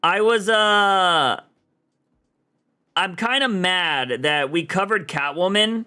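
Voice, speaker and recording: Animated high-voiced young man streaming. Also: slow, pauses often, clear, resonant tone. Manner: loose, animated, slangy rambling. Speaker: streamer and comic podcast host. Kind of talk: casual livestream chat.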